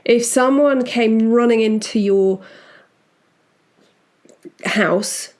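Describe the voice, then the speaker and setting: A woman's voice: on the high side, very slow, darkish tone. A woman hosting a podcast, telling a true-crime story in a casual, chatty way with restarts and asides. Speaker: podcast host.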